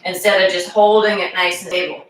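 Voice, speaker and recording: A woman fitness instructor leading a live exercise class, calmly giving cues and counting reps aloud. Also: fairly low pitch, fairly quick. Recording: echoey room, voice from far off.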